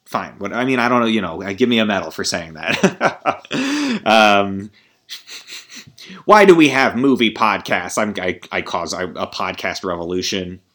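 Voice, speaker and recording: Low-ish and a little bright, this man's voice is animated yet unhurried as he hosts a podcast. He goes on an exasperated, rambling rant about a movie, cursing, restarting often, and wandering into asides.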